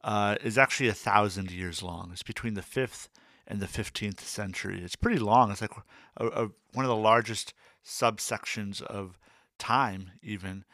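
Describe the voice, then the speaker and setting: A man co-hosts a teaching podcast in a friendly, easygoing way and laughs readily. His voice sits fairly low but sounds bright and clear. The recording is dry, with no room sound. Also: steady tone, normal speed, no echo. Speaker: podcast co-host, music teacher. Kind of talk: casual educational podcast chat.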